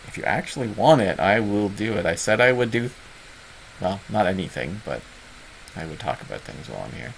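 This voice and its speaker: Hosting a gaming club's casual online office hours, a man with a Southern Ontario Canadian accent rambles in a self-deprecating way, full of fillers. His fairly low voice swings widely in pitch, moves at a normal speed, is creaky, and pauses often. The recording is rough, with a slight hiss or hum.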